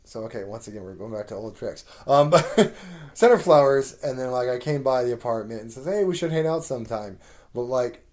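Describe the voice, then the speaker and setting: A man's voice: mid-range voice, brisk. A young man rambling through a casual personal story, full of ums, laughs and casual swearing. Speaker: vlogger.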